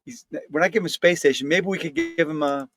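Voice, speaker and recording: A man's voice: high-pitched, huge pitch swings, fast. A man co-hosting a comedy podcast, riffing and joking in casual chat. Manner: joking, riffing, laughs often. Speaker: podcast co-host.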